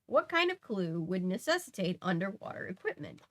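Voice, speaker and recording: A woman's voice: mid-range voice, very animated, normal speed. A young woman reading a mystery novel aloud on a casual stream, adding chatty asides and correcting her own slips as she goes. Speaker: host reading a book aloud. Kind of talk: casual read-aloud livestream.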